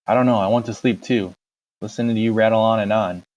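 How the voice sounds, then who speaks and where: A man voicing a gentle, quiet teenage boy who speaks softly and calmly, on a dull lo-fi recording. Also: fairly low pitch, fast, close to an everyday voice. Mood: sleepy. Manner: soft, calming.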